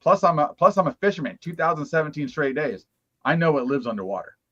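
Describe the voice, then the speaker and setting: A man co-hosting a live stream, joking and arguing loudly in casual chat. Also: on the high side, big pitch swings, fast, muffled recording, a crowd in the background. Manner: boisterous, argumentative joking. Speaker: co-host.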